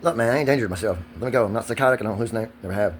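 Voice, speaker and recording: A man's voice: lowish voice, rapid-fire, slight background noise. A man, ranting in a profane, agitated and rambling vlog monologue recorded outdoors. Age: 40s.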